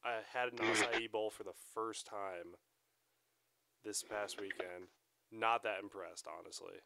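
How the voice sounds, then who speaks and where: A man's voice: fairly low pitch, steady tone, moderate pace, creaky, background noise. A man co-hosting a podcast in blunt, sarcastic, profane casual chat. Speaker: podcast co-host.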